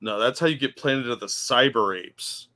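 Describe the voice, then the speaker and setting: A man's voice: mid-range voice, moderate pace, sharp tone. A man co-hosting a casual podcast, chatty and joking as he explains stories. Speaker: co-host.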